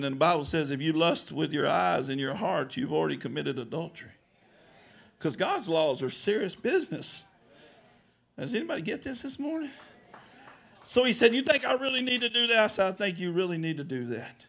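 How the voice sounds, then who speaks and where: A man preaching with a high, gravelly voice. He tells a story and acts out each side of the talk, dropping low and quiet, then climbing up loud. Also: sing-song, fairly quick. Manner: storytelling preacher who acts out dialogue, swings from hushed to loud. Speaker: pastor. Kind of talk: sermon.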